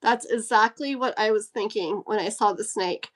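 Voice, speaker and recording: A woman hosting a casual live stream and pulling cards, giggly, gushing and easily excited. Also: mid-range voice, moderate pace. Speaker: live-stream host and card reader.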